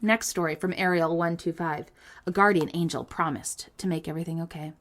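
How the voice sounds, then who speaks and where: A woman's voice: fairly low pitch, fairly even intonation, fairly quick. A woman co-hosting a casual podcast, reading listener stories aloud with playful comic asides and frequent laughter.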